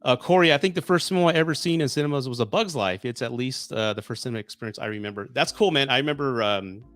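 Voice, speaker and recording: A man in his forties hosting a casual live stream, chatting excitedly and getting emotional when viewers send gifts. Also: medium pitch, fast talker, no room sound. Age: 40s.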